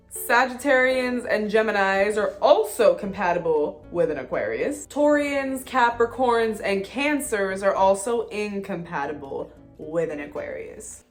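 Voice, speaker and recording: Excitable slangy young woman vlogger. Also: mid-range voice. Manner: excitable, slangy and profane, with frequent "like" fillers. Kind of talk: casual chat to camera. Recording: faint music behind.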